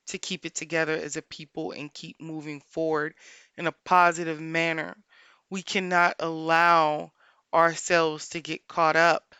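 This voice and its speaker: Woman life coach talking solo on her podcast, gravelly but smooth voice, dry close sound, says things twice to drive them home. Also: low voice, sharp tone, no room sound. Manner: earnest, repeats points for emphasis; pauses often, thinks aloud with fillers.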